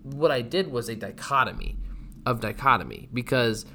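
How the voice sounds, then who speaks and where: A man's voice: mid-range voice, moderate pace, bright, forceful tone, a little hiss or hum. A young man co-hosting a casual podcast, playful and rambling as he teases his friend. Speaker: podcast co-host. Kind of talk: casual chat.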